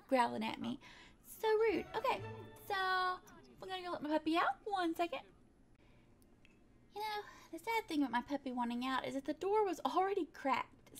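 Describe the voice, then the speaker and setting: A high-pitched woman narrates her gameplay in a casual, rambling way. She grumbles at the game's rules and chats to the characters on screen as she plays. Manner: chatty, exasperated, talks to the game and her pets. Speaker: gaming YouTuber.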